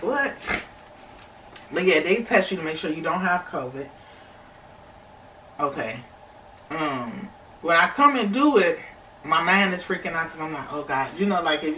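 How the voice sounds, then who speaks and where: Young woman vlogger, chatty, talks straight to viewers; bright tone, recorded in a roomy space. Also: lowish voice, slight background noise. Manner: chatty, many fillers, addresses viewers as y'all. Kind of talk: casual storytelling to camera. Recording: echoey room, slightly distant mic.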